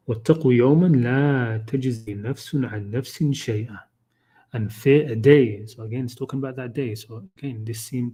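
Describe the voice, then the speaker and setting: A man leading a livestreamed Quran study, reciting verses quickly and then explaining them with many fillers and repeated "okay?" checks. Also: medium pitch, dark tone, breathy edge, rough recording. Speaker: Quran study group leader. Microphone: livestream microphone.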